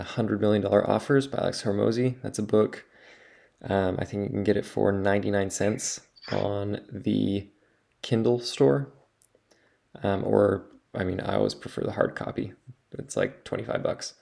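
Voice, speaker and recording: A man co-hosting a business podcast, explaining deals in a relaxed, casual chat and recommending books. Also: on the low side, vocal fry. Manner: relaxed, wraps up and gives recommendations. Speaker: podcast co-host.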